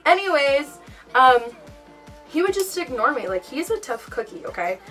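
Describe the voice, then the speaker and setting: A young vlogger with a high voice, speaking at normal speed, tells a casual storytime and animatedly acts out what she and others said. She's recorded far from the mic, with music playing behind her.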